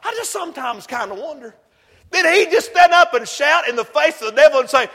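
A man preaching a fiery sermon, shouting and whooping, then dropping to low asides. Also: lively intonation, a little fast, some chatter behind. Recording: long hall reverb.

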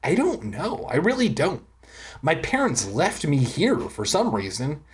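A reader voicing a friendly, lonely invisible twelve-year-old boy who talks in a quick, easygoing way. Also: medium pitch, big pitch swings. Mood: wistful. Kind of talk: audiobook reading.

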